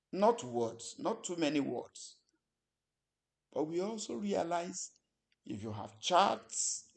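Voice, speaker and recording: Male instructor, unhurried lecture delivery, measured pauses, mid-pitched voice. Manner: deliberate, pausing between phrases. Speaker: public speaking instructor.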